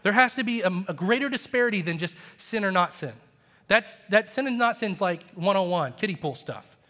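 High-voiced man preaching in a reverberant hall. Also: moderate pace. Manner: passionate, animated preaching with rising emphasis. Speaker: pastor. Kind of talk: sermon. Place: church sanctuary.

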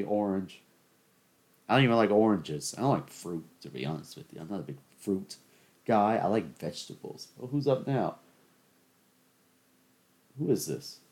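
Watching a game on his solo podcast, a man from the suburban Southern US rants with sarcasm and offers mock play-by-play commentary. He has a low voice with a darkish tone.

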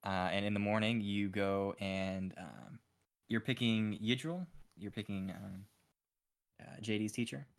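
A young man narrating as game master, relaxed and full of ums and uhs. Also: lowish voice, measured pace, creaky.

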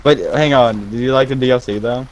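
A man's voice: medium pitch, brisk, slight background noise, low-quality recording. A young man co-hosting a casual podcast, joking and chiming in. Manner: joking, chiming in with laughs and quips. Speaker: podcast co-host. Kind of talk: casual chat.

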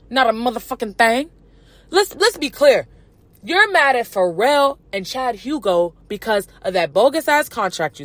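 A woman's voice: a little high, a bit bright, no echo. Brash woman ranting on celebrity gossip. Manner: brash, sassy, mocking put-on voices and sing-song asides. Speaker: podcast host. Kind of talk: profane celebrity gossip rant.

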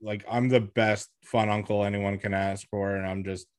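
A man's voice: lowish voice, little pitch movement, moderate pace, smooth. A single man co-hosting a podcast in casual chat, rambling with lots of fillers. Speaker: podcast co-host.

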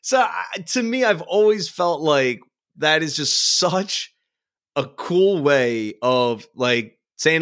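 Guy guesting on a music podcast, bright sharp voice, rambly and excitable. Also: fairly high pitch, slow pace. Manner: animated, rambling, lots of "like" and laughter. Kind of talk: casual music podcast chat.

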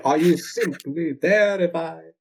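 A man's voice: fairly high pitch, takes it slowly, a little mellow, slight background noise, low-quality recording. A man putting on a pompous, melodramatic vampire count for a comedy podcast, speaking over a remote computer call. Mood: bossy, melodramatic. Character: theatrical male vampire count, grandiose and bossy. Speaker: guest. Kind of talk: comedic podcast role-play.

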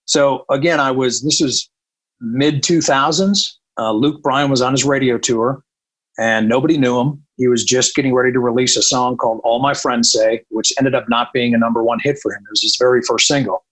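A man from the northern United States tells a story in relaxed conversation, his voice a little husky and of middling pitch. He is frank and lively and swears without hesitation. He sounds like a seasoned radio programmer looking back on his career. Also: normal speed, low-quality recording. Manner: candid, animated, swears freely. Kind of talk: casual storytelling.

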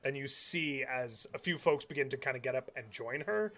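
A man's voice: medium pitch, normal speed, pushed and bright. A man narrating a tabletop game as game master, describing scenes with many fillers.

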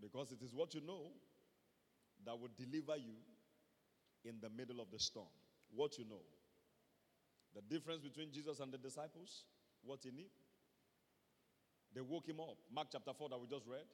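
A man's voice: mid-range voice, normal speed, long pauses, breathy edge. A Nigerian man preaching a sermon as pastor, emphatic, repeating his key phrases and calling out for amens. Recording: long reverb of a large hall.

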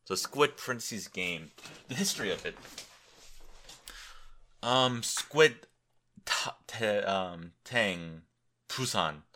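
A young man hosts a podcast by himself, sounding tired and rambling as he cracks crude jokes and thinks aloud while looking things up. His voice sits on the low side, animated and sharp, and he takes it slowly with long pauses.

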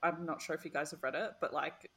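An Australian woman with a lowish voice hosts a chatty podcast interview. She gushes with enthusiasm and swears casually. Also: steady tone, fast, fairly bright tone. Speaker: podcast host.

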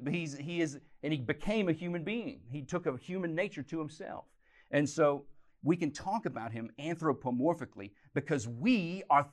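A man preaching a teaching sermon, animated, swinging from loud emphasis to quiet, intense moments. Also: on the high side. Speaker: pastor.

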